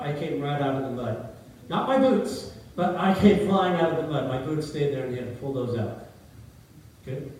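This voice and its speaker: In a church hall, a middle-aged man serving as pastor gives a sermon built around a story, repeatedly asking his congregation questions. His medium-pitched voice is a little mellow, with slight background noise. The sound comes from a distance in a very echoey hall.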